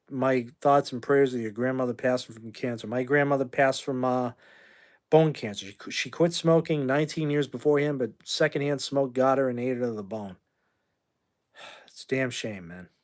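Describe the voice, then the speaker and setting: A man's voice: medium pitch, moderate pace. A man in his fifties from the United States, hosting a livestream in a brash, rambling, trash-talking way while answering viewer comments. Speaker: livestream host.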